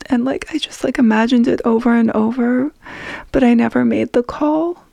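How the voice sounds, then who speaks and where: A woman narrating a first-person memoir in a hushed, hesitant, emotional way. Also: on the high side, fairly even intonation, normal speed, creaky, no room sound.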